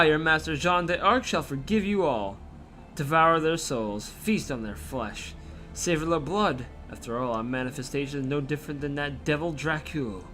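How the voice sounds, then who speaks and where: A man's voice: on the high side, sharp tone. A man voicing a cruel, vengeful woman, a fallen saint, reading her game lines aloud in a sneering, theatrical way. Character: cruel vengeful dark female saint, mocking and gloating.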